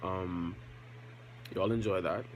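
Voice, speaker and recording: A young man talks to his camera in a low, easygoing voice, rambling and self-aware with plenty of ums. A faint hum of room noise sits under his voice. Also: takes it slowly, poor audio. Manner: relaxed, rambling, self-aware, with many fillers. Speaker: vlogger. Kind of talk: casual vlog talk to camera.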